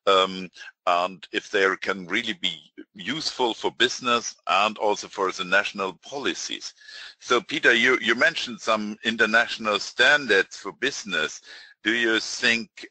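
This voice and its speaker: Guy moderating a panel, low-ish voice, very bright edge, measured and hesitant. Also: dry recording, poor audio. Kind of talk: panel discussion.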